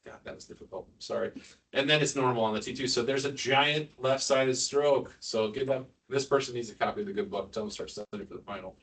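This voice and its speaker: A man's voice: mid-range voice, fast talker, fairly bright tone. A man giving a casual, joking neurosurgery lecture to nurses, quizzing the room and tossing in asides. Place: hospital lecture room with an audience. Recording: distant mic, audience murmur.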